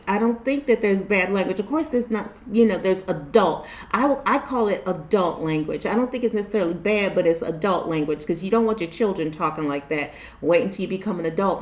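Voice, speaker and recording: A middle-aged woman hosting her own channel as a tarot reader, talking casually and candidly to her viewers, with lots of swearing, laughter and lively storytelling. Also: mid-range voice, a little fast, few pauses. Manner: candid and profane, with animated storytelling and frequent laughs. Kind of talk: casual talk to camera.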